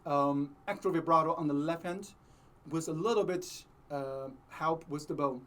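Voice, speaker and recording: A man teaching a cello lesson, explaining slowly and patiently with many pauses, sometimes singing the phrases he means. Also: fairly high pitch, a bit bright. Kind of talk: music lesson with sung demonstrations.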